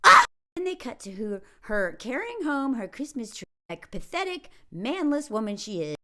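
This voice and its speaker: A woman's voice: a little high, very animated, normal speed, very noisy. A woman reviewing a movie in a sarcastic, mocking tone, often switching into put-on voices to make fun of the characters. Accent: Southern American put on for jokes. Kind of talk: casual comedic movie review.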